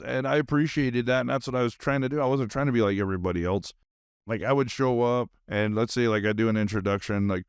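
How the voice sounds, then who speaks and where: Rambling man with a smooth voice. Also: lowish voice, steady tone, fast talker, dry recording, clean studio sound. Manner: rambling, nonstop talker with many fillers. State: highly caffeinated. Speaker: podcast host. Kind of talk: rambling solo podcast monologue.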